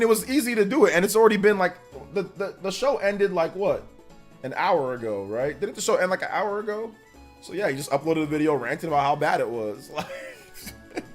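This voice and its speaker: Guy streamer rambling and laughing, kinda high voice, soft music in the back. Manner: rambling and laughing, reading donation messages aloud. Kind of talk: casual livestream reaction chat.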